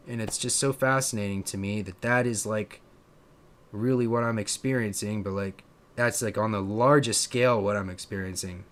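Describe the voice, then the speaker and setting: A man's voice: on the low side, fairly even intonation, moderate pace, a bit bright. Rambling Pennsylvanian man, southern-tinged drawl. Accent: Pennsylvania, with a drawn-out southern drawl. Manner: rambling and musing, many fillers and restarts. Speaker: streamer and content creator. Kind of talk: casual live-stream chat.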